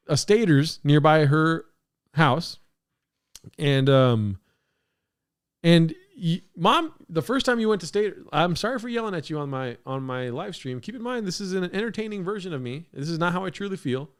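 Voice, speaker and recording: A man hosting a podcast livestream from his apartment, rambling, swearing and laughing as he reads chat comments. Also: a little high. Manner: rambling, profane, laughing a lot. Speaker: podcast host. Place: home apartment studio. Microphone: podcast mixer setup.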